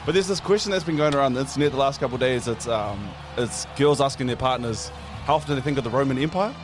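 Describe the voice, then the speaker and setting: A man with a New Zealand accent co-hosting a podcast in relaxed, slangy banter. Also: mid-range voice, quick pace, music in the background. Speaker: podcast co-host. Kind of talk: casual chat.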